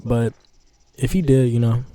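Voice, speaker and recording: A man's voice: mid-range voice, steady tone, unhurried, mellow, dry recording. A young man in casual reaction commentary, talking loosely in slang and often trailing off and restarting his sentences. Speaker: reaction streamer.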